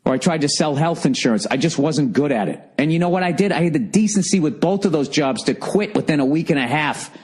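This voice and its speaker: A man's voice: a little high, lively intonation, quick pace, hardly any pauses, darkish tone, slightly rough. A man hosting a podcast alone, ranting in an exasperated, profane solo monologue. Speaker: podcast host. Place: alone in a room.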